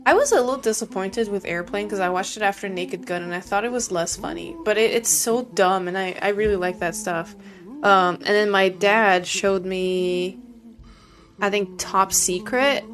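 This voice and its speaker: A young woman streaming a game, chatting casually and sleepily with her chat, rambling with many fillers. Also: mid-range voice.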